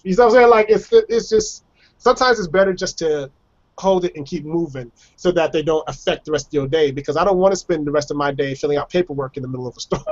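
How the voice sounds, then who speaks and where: A man's voice: fairly high pitch, highs cut off. A man telling personal stories in casual chat on a video call show, laughing often and acting out other people's voices. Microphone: video call microphone.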